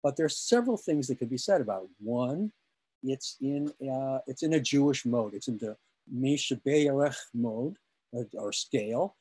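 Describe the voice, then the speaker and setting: A man's voice: medium pitch, expressive, moderate pace, mellow, husky. A man giving an online lecture about music history, explaining patiently with many fillers and restarts, and now and then humming a rhythm.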